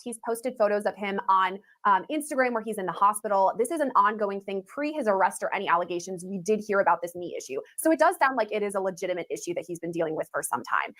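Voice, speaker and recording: Woman anchor, quick and businesslike. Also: mid-range voice, a bit bright. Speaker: news anchor. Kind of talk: news interview questions.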